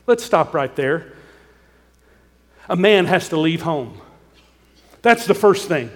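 Pastor, male, high-pitched, earnest pleading sermon delivery, long church reverb. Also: lively intonation, slow pace.

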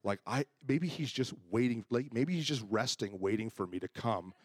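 Dry-voiced pastor telling a story. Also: male voice, mid-range voice, moderate pace, breathy edge, no room sound. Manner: animated, acts out his own quoted lines. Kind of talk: storytelling sermon.

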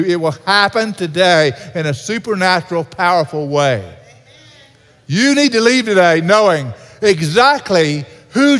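High-voiced man preaching in a reverberant hall. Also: fairly bright tone. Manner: earnest preaching with repetition. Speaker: pastor. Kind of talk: sermon. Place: church sanctuary.

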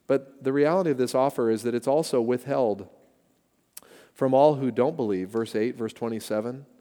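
A middle-aged male pastor preaches in an earnest, conversational way, slipping easily into personal stories. His voice is mellow and rounded. The sound carries the long reverb of a church sanctuary. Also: medium pitch. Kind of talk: sermon.

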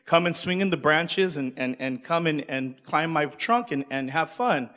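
A man's voice: on the high side, expressive, normal speed, pushed and bright, long reverb tail. A man voicing a loving, giving female tree that coaxes and pleads. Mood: coaxing. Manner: coaxing, pleading.

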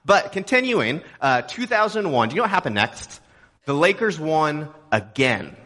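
A man's voice: fairly high pitch, big pitch swings, normal speed, pushed and bright. A young adult man from Texas preaching a sermon as a pastor, in a conversational, joking way with rhetorical questions. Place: church auditorium.

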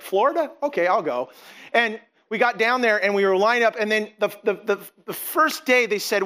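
A middle-aged man preaches from the pulpit in a fairly high voice. His tone is bright and forceful as he tells a story earnestly, often stumbling and restarting his sentences. He speaks the way a pastor talks to his congregation. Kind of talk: sermon.

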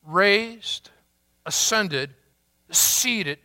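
A man preaching a sermon, slow and emphatic, drawing out key words with long pauses. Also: sits high, animated, bright, forceful tone. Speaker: pastor.

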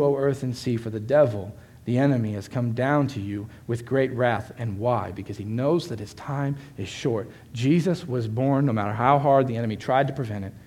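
A man preaching a Christmas morning sermon. His delivery swings from loud, ringing proclamation to soft, close confiding, and he acts out the people he quotes by raising his pitch. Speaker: pastor.

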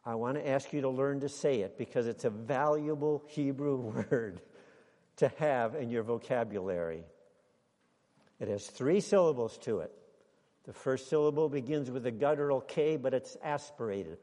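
A man preaching a sermon to a congregation, speaking deliberately and building to emphatic exclamations. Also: mid-range voice, dark tone, big-room sound. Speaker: pastor.

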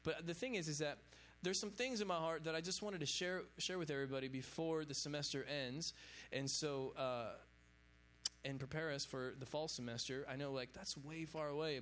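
A man's voice: a little high, fairly bright tone, a little hiss or hum. A man preaching an informal sermon to young adults, chatty, with lots of casual fillers. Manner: casual, chatty, lots of fillers like "you know what I'm saying". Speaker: pastor.

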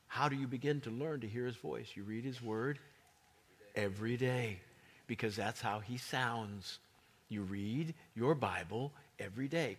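Husky, animated man preaching. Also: medium pitch. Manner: animated preaching that drops into whispers. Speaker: pastor. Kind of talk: sermon.

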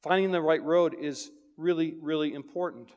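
A man preaching a sermon to his congregation, his voice sitting a little high for a man. He swings between loud urgent lines and hushed ones. A long reverb hangs on every phrase, as in a church hall. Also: steady tone, moderate pace. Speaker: pastor.

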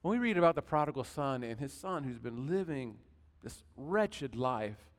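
A man's voice: medium pitch, animated, normal speed, long reverb tail. A male pastor preaching a sermon in a conversational, folksy way with asides to the congregation.

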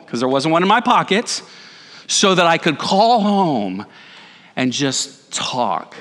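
A man in his forties, a pastor giving a conversational sermon with animated, self-deprecating asides. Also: mid-range voice. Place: church sanctuary. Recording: reverberant church hall.

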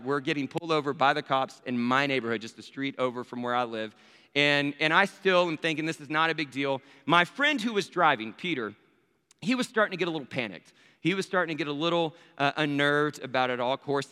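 Preacher, animated storyteller, slightly high voice. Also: male voice, clear, resonant tone. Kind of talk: sermon storytelling. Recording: long hall reverb.

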